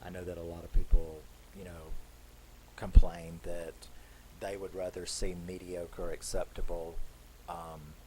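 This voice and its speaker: Deep-voiced guy chatting through a horror movie plot, loose and casual. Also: little pitch movement, measured pace, warm tone, a little hiss or hum, poor audio. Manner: loose plot recap, conversational. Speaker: horror film reviewer. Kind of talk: casual film review.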